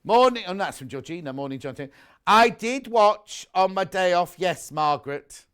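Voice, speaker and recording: A man's voice: high-pitched, lively intonation, normal speed, fairly bright tone, clear, resonant tone. A middle-aged British man presenting live on a shopping channel, chatting and gossiping between products and viewer messages. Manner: chatty, gossipy, rambling asides. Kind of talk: live selling chat, reading viewer messages.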